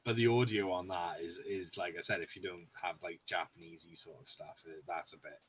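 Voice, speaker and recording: A man from the UK co-hosts a casual podcast chat. His voice is bright with a forceful edge. He swears freely, laughs a lot and keeps jumping into silly put-on voices. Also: sits low, fairly even intonation, fairly quick, slightly rough. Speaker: podcast co-host.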